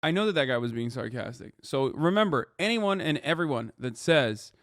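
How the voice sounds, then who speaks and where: A man's voice: lively intonation, normal speed, no echo. Profane ranting male streamer, dry close mic. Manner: profane, ranting, swings between loud outbursts and low mutters. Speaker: streamer reacting to a news video. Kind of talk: live reaction commentary.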